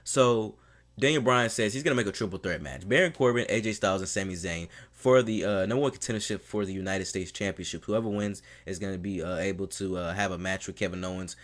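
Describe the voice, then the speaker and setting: A man with a low, deep voice talks casually through a review like an eager fan. He strings his thoughts together loosely, leaning on fillers like "man" and "you know.". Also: fast talker, fairly bright tone. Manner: mimics the people he quotes in a raised voice. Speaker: wrestling show reviewer.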